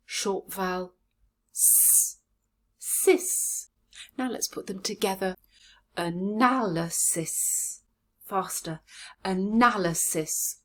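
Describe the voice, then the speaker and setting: A woman pronunciation coach talks through a lesson at an unhurried, careful pace. Her voice is slightly low and soft with a breathy edge. She spells out each sound and syllable deliberately. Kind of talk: slow instructional pronunciation lesson.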